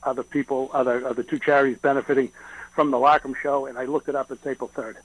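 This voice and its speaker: A man's voice: medium pitch, little pitch movement, fast, dry recording, low-quality recording. A man who is a comedian, talking as a guest on a radio show in a wry, joking way.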